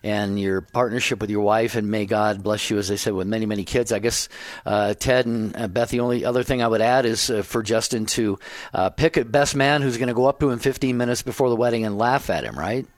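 A man's voice: fairly low pitch, fairly quick, dry recording. A man hosting a call-in radio show, thanking callers and introducing the next one in an upbeat, friendly way. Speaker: host.

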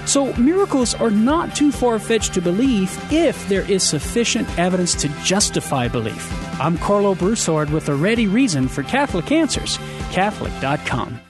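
A man presenting a short scripted radio segment, measured and clear, posing and answering questions. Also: high-pitched, very animated. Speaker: apologetics radio spot presenter. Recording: background music under voice.

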